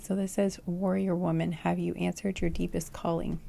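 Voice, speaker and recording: Brief: tired, hoarse woman tarot reader, low-key and gravelly, kept hushed, often dropping to a whisper. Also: level tone, moderate pace, slight background noise. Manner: speaks very quietly, often slipping into a whisper. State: hoarse, voice nearly gone. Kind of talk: casual pick-a-card tarot reading. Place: dark room indoors.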